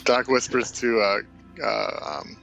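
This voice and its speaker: Male player, bright tense voice, lots of ums and uhs, faint music behind. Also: mid-range voice, fairly even intonation, slow, creaky, poor audio. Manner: hesitant, full of fillers, chuckling. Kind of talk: casual tabletop play chat.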